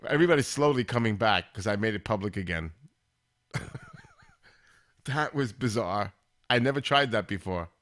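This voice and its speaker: A man's voice: lowish voice, lively intonation, moderate pace, long pauses, fairly bright tone. A man hosting his own live stream, chatting casually and rambling as he talks straight to viewers in chat.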